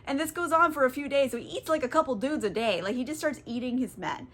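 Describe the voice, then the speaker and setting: A woman's voice: sits high, fast, a bit bright. Tipsy giggly woman summarizing a book. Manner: giggly, swears a lot, filler-heavy. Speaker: book channel host.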